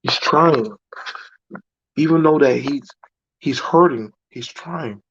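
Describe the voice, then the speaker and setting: A man telling a personal story to his viewers in a reflective, halting way. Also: a little high, a little hiss or hum. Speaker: vlogger. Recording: dry, dull lo-fi recording.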